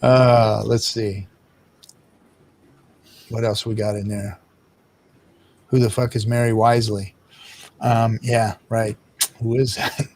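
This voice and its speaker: A man's voice: on the low side, flat delivery, slow pace, long pauses, darkish tone, slight background noise. Rambling, cussing male stream host. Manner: rambling, profane, laughing storyteller. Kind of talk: casual live-stream chat.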